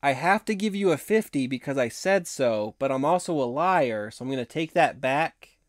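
A hoarse man hosting a casual live stream, chatting in a rambling way and laughing often. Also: medium pitch, expressive, moderate pace, no room sound, studio quality. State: hoarse from long talking.

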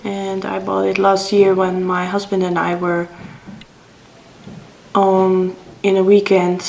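A woman's voice: mid-range voice, monotone, slow pace, gravelly, pauses often, a little mellow, roomy sound, slight background noise, poor audio. A middle-aged Dutch woman speaking English with a Dutch accent, chatting hesitantly as she shows her cross-stitch projects at home. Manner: chatty, hesitant, many fillers. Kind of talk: casual show-and-tell.

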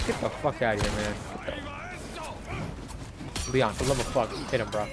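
A man doing live gameplay commentary as a streamer, profane and frustrated, breaking into loud shouts. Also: fairly low pitch, fairly even intonation, moderate pace, pauses often. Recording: noisy stream audio.

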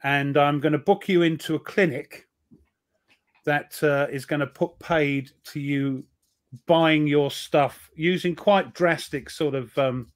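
A man's voice: a little high, steady tone, slow pace. A middle-aged British man co-hosting a casual live stream, teasing with dry jokes. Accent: British English. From Britain. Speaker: co-host.

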